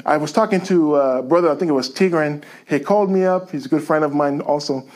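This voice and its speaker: High-voiced man telling a church testimony. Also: fast talker. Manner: lively storyteller, chuckles while telling. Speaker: guest speaker sharing a testimony.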